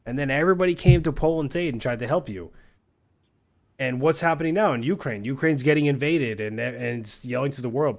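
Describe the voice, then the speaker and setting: A man's voice: medium pitch, fairly quick, creaky. A man streams a game while ranting, his mid-range voice getting heated and argumentative. He swears freely and presses his point hard, talking over his friends. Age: adult, married with a son. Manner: profane, fired-up, argumentative.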